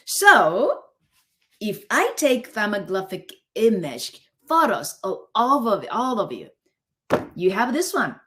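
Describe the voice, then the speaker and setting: A woman teaching a live online face yoga class. She gives gentle breathing cues, counts out each hold and keeps checking in with the group. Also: mid-range voice, very animated, takes it slowly. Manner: coaching, counts out holds, keeps checking in with "okay?".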